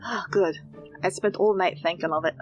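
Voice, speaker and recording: A woman's voice: lowish voice, normal speed, highs cut off, faint music behind. A woman playing a tabletop game, telling her character's story in a rambling, giggly way. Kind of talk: casual in-character play.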